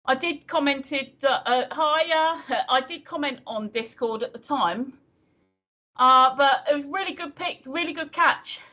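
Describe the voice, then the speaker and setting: A bright, high-pitched woman chats casually as co-host of a livestream, giggling often and reading out viewer messages. Her voice comes through dull, lo-fi stream audio. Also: unhurried, soft background music. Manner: chatty, giggly, reads viewer messages aloud. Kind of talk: casual chat.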